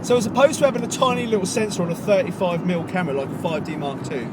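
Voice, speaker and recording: A man's voice: sits high, very fast. Chatty young man with a southern English accent. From England. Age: young adult. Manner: chatty, jokey, talking to camera. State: groggy in the morning. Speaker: vlogger. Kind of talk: casual daily vlog. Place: car and street, outdoors. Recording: clear road and traffic noise.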